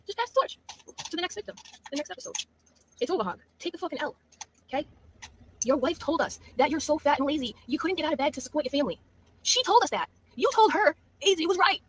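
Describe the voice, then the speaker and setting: A woman's voice: sits high, expressive, quick pace, slight background noise. A woman from Massachusetts trash-talking a rival in a profane, brash video rant. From Massachusetts, USA.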